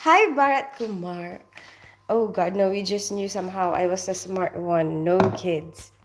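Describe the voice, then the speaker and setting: A woman's voice: medium pitch, a little slow, slight background noise. A woman who grew up in the Philippines, casually chatting on a live stream, reading out comments and greeting viewers by name while laughing often. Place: home in North London.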